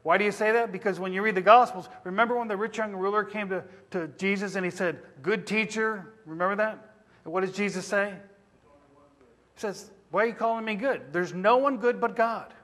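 A man's voice: high-pitched, fairly quick, a bit bright. A man preaching a sermon, asking the congregation questions as he teaches. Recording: reverberant hall.

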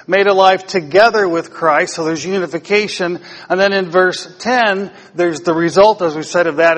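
Pastor, male, slightly higher voice, teasing interactive sermon style, long church reverb. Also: a bit bright. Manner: playful, quizzes the congregation.

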